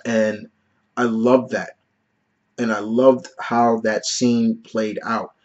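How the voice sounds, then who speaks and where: A man's voice: lowish voice, flat delivery, slow pace, a little mellow, highs cut off. A man in his thirties giving a casual vlog movie review, earnest and openly emotional, talking in loose "you know" and "like" phrasing. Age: 30s.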